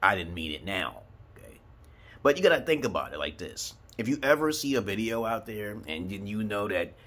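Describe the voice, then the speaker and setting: Casting: husky-voiced man from Brooklyn, lively swooping delivery, loose and profane, rambling vlog rant. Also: lowish voice, fairly quick. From Brooklyn, New York, USA. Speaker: vlogger. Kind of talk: casual rambling monologue.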